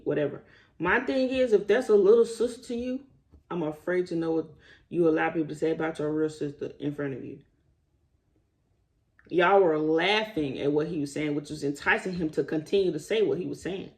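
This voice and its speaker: Animated man ranting straight to viewers. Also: a little high, normal speed. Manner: animated, rising to indignant emphasis; talks straight to viewers as y'all. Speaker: commentary vlogger. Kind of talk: casual opinion vlog.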